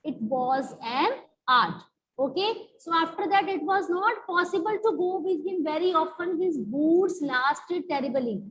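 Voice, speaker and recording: A woman's voice: very high voice, expressive, a bit bright, rough recording. A woman, teaching a class and explaining the meanings of words again and again. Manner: repetitive, explaining meanings slowly. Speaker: English teacher. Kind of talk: classroom lesson explaining a story.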